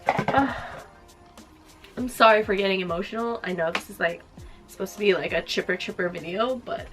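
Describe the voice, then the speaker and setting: A woman's voice: mid-range voice, fast, a bit bright, faint music behind. Chatty heartfelt woman in her twenties. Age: 20s. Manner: chatty and heartfelt, filler-heavy. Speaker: lifestyle vlogger. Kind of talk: casual chat while wrapping gifts.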